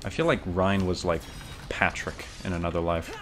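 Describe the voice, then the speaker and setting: Game streamer, man, low voice, rambling banter, faint music behind. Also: animated, moderate pace, fairly bright tone. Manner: rambling, many fillers and restarts, banter with chat. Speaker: streamer playing a video game. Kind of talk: casual chat while gaming.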